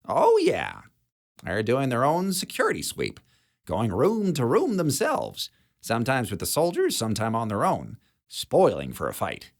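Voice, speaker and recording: A man's voice: medium pitch, huge pitch swings, a little slow, voice pushed up, exaggerated voice. A man voicing a blunt, jaded female security chief who smokes and talks in a dry, sardonic way.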